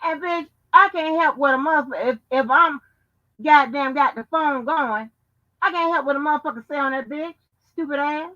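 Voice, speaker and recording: A high-pitched, bright, forceful female host rants brashly on her live stream at a normal speed, cursing heavily and taunting her listeners. The profane rant comes through dull, lo-fi stream audio.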